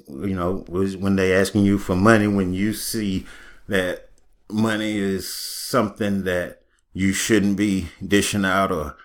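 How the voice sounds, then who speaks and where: Deep-voiced rambling man. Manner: rambling, repeats fillers like "you know". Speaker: small channel host teaching meditation. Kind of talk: unscripted spoken guidance.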